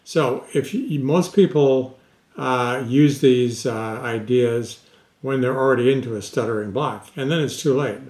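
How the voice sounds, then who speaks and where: Slow-talking man in an echoey room. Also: mid-range voice, darkish tone. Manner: unhurried, with many pauses and fillers. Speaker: stuttering specialist. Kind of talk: casual advice talk to camera.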